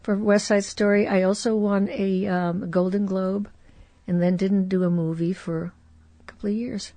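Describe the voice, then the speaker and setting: A woman in her eighties, a guest actress telling stories in an expressive, animated way in a casual conversation. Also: mid-range voice, normal speed, no echo. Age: 80s. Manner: animated storyteller, warm and expressive. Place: host's garage studio.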